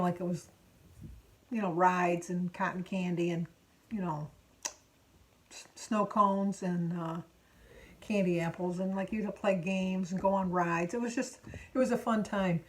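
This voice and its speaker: Woman in her sixties, from Michigan, casual vlog chat, rambling, self-correcting, middle pitch. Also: darkish tone. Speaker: vlogger.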